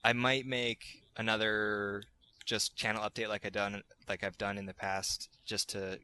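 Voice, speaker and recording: A man with a lowish, bright and forceful voice hosts a casual gaming podcast. He talks in a relaxed, rambling way, often restarting his sentences mid-thought. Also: measured pace, smooth. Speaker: podcast host.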